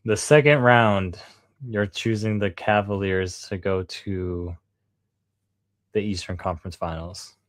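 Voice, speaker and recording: A man's voice: sits low, fairly even intonation, takes it slowly, no room sound. A man co-hosting a podcast, chatting casually about basketball, slangy and rambling, with lots of "bro" and swearing. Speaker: podcast co-host. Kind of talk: casual sports chat.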